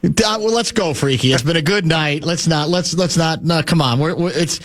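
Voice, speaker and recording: A man's voice: a little high, normal speed, dry recording. A man hosting a radio show, prompting a guest with eager questions and laughing along. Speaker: radio host. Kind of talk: talk radio banter.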